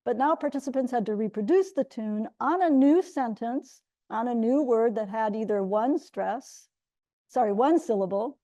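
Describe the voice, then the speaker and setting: A woman's voice: a little high, dark tone. A middle-aged woman giving an academic linguistics talk, explaining step by step with frequent restarts. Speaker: linguistics lecturer.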